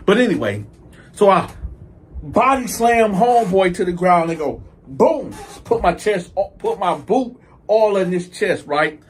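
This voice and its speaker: A man's voice: high-pitched, unhurried, a little hiss or hum. A man telling a story to camera in a casual, profane way, acting out each scene. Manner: animated, profane, acts out the scenes. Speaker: storytelling video host.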